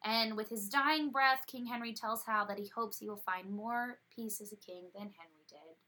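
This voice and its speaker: A woman's voice: on the high side, steady tone, moderate pace, sharp tone. A woman casually retelling a story's plot in a chatty, slangy way. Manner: chatty and slangy, with playful paraphrased quotes. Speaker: presenter summarizing a story.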